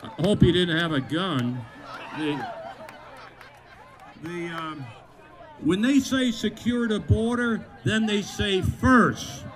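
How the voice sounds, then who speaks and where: A man from Massachusetts, a sheriff, giving a blunt, joking outdoor rally speech into a microphone, with bursts of shouting. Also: sits high, slow, long pauses. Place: outdoors at a state capitol lawn. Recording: outdoor rally with crowd noise.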